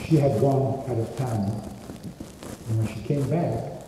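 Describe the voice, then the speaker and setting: A man's voice: mid-range voice, slow pace. Man lecturing in an echoey hall. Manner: acts out quoted speakers, rhetorical questions. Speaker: rabbi giving a talk on marriage. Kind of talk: lecture with storytelling. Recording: echoey hall with background noise.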